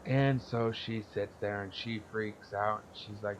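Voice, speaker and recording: A man's voice: on the low side, fairly even intonation, measured pace, background noise. A young man casually telling a story on a podcast, blunt and profane, rambling and laughing as he goes. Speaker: podcast co-host.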